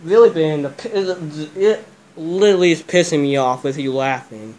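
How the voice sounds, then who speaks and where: A man's voice: a little high, moderate pace, darkish tone, slight background noise. A young man vlogging, agitated and cursing after a scare, repeating himself a lot. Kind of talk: casual vlog chat.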